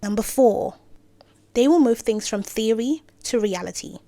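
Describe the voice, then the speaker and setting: A woman with a slightly high voice gives casual career advice straight to camera. She keeps breaking off for playful asides and self-corrections. She sometimes sinks into soft near-whispers, and the recording is dry, with no room sound. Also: animated, unhurried, dry recording. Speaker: creator giving career advice.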